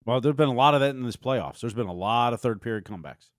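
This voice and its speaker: A man co-hosting a casual sports podcast, giving quick, matter-of-fact score updates. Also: mid-range voice, expressive, dry recording, studio quality. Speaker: podcast co-host.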